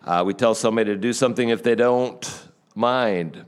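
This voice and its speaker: A male pastor giving a conversational sermon, telling a story with frequent filler pauses. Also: lowish voice, fairly even intonation, clean tone.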